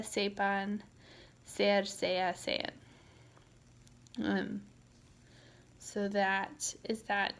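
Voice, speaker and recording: A woman teaching a Spanish grammar lecture, talking slowly and methodically with frequent ums and uhs. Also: medium pitch. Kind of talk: recorded lecture.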